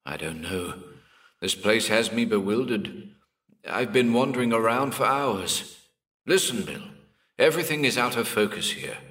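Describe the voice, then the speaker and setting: A man's voice: medium pitch, expressive, a little slow, fairly bright tone, distant mic, voice pushed up. A man voicing a bewildered grown man lost in warped space, talking in an urgent, shaken way in an audiobook reading. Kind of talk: audiobook character voice.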